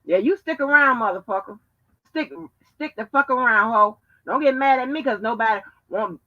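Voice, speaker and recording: A woman hosting a live stream, ranting brashly with heavy cursing and taunts at her listeners. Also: a little high. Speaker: show host. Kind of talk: profane live-stream rant. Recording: dull lo-fi stream audio.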